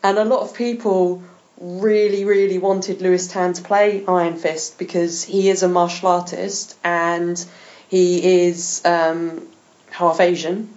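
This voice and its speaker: A woman's voice: fairly low pitch, level tone, unhurried, darkish tone, lo-fi sound. A woman hosting a podcast, chatting with enthusiasm and laughing often. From England. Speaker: podcast host. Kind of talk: casual chat.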